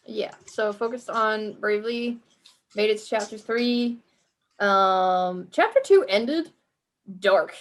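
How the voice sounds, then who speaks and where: A woman's voice: medium pitch, slow pace. Chatty woman gamer, casual and profane. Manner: chatty, swears freely, acts out her reactions. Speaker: podcast co-host. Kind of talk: casual gaming chat.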